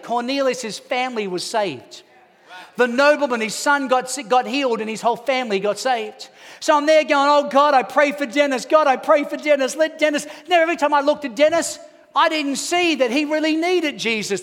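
Male pastor, very high voice, dramatic storyteller, long echoing hall reverb. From Australia. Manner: animated storytelling, swinging from hushed to shouting. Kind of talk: sermon.

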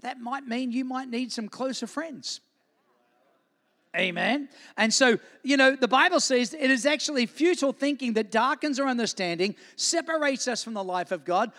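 A man's voice: extremely high pitch, fairly bright tone. A man, a pastor, preaching a sermon and calling on the congregation to say amen. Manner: preaching with call-and-response asks for amen. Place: church. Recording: long hall reverb.

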